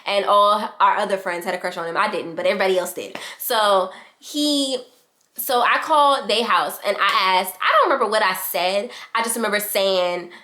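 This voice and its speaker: A young adult woman vlogger telling a casual storytime in a fast, animated way, acting out the quotes. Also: medium pitch. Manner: fast-talking, animated retelling with quoted voices.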